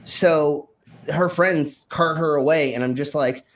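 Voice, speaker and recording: A man with a higher-pitched voice hosts a stream, slowly telling a wild story from his past. He rambles and swears, full of fillers and restarts, and acts out the lines he shouted back then.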